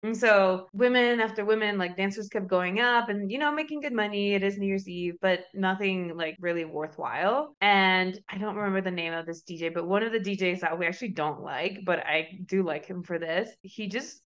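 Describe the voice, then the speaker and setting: Smooth-voiced young woman telling a story. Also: mid-range voice, normal speed, few pauses, lo-fi sound. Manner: storytelling, animated, laughs often. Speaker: podcast co-host, dancer. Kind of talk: casual chat.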